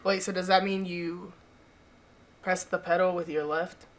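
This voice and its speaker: A young woman hosting a casual interview chat, asking questions in a playful, quick back-and-forth. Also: lowish voice, fairly even intonation, slight background noise. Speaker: host.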